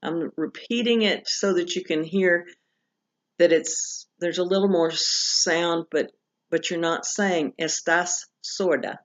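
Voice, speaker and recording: Slow, patient woman teaching pronunciation. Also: fairly low pitch. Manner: slow, patient, repeats examples aloud. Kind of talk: recorded lesson walkthrough. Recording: dull lo-fi recording.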